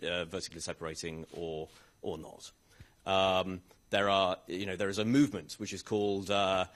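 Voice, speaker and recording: A man, a rail regulator's chief executive, answering questions on a conference panel in a halting way, with frequent restarts and hedges. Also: deep voice, a bit bright. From United Kingdom. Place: conference hall.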